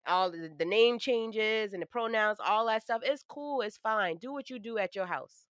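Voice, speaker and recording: A blunt, profane woman co-hosting a podcast in casual chat, with strong opinions. Her voice is bright and forward. The sound is dry and close. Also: on the high side, normal speed, no echo. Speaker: podcast co-host.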